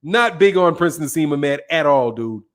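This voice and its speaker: A man hosting a live boxing talk stream, casual and blunt, profane and quick to laugh at his own jokes. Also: fairly high pitch, animated. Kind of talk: casual live-stream chat reading viewer comments.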